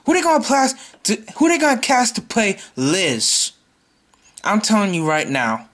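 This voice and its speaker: A man's voice: high voice, wildly swooping pitch, measured pace, a bit bright. Exasperated man ranting to camera. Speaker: YouTuber. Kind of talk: ranting vlog monologue.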